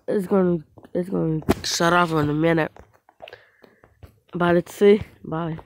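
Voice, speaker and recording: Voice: mid-range voice, fairly even intonation, a little slow, slight background noise, low-quality recording. A gamer giving casual let's-play commentary on their own mobile play, rambling to themselves with frequent restarts and small outbursts at the game.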